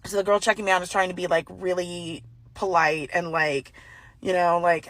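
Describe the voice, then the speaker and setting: A woman telling a personal story in casual chat, acting out the voices of the people in it with big jumps in pitch. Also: moderate pace. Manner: animated, acts out dialogue with exaggerated pitch jumps. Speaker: storyteller recounting a personal encounter.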